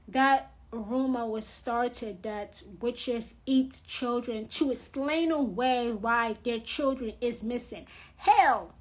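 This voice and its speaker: A woman vlogger ranting in a blunt, profane, scolding monologue. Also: high-pitched. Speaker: witch vlogger.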